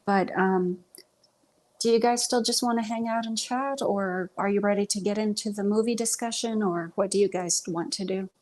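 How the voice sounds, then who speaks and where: Speaking at a moderate pace with a steady, darkish mid-range voice, this young Texan livestream host talks in a Southern accent. She's chatty and a bit self-conscious, dropping lots of ums.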